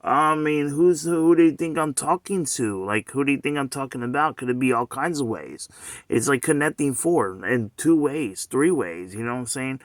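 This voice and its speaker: A man's voice: medium pitch, lively intonation, normal speed, no echo, clean studio sound. A man talking straight to the camera in a loose, rambling monologue, circling back again and again with rhetorical questions and "you know what I'm saying.".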